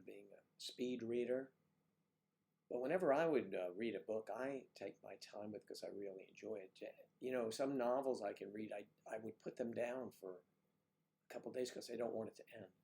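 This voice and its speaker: A man hosting a livestream, chatting casually with viewers and joking, with quiet, half-whispered asides. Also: on the low side, normal speed, gravelly. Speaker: livestream host. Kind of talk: casual chat reading viewer comments.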